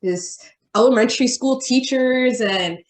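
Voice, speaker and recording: A woman's voice: fairly high pitch, a little slow. Woman guest rambling through a story, chatty, roomy echo. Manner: animated, chatty storyteller with many "like" fillers. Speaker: podcast guest. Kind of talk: casual storytelling chat.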